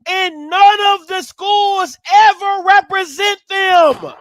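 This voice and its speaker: A man hosting a live sports talk stream, swinging from low musing to loud, animated ranting. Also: slow, no echo. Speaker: sports commentary host.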